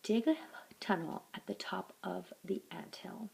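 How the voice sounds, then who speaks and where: A woman voicing a clever, calm mongoose. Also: medium pitch, unhurried, vocal fry, poor audio. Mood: reassuring.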